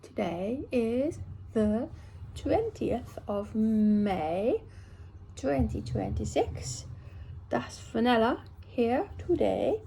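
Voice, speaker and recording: An English woman in England reads a list of words aloud one at a time for speech practice, relearning to talk after a brain injury, with slow, deliberate, effortful articulation. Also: fairly high pitch, big pitch swings, vocal fry, warm tone, slight background noise. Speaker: vlogger recording speech practice.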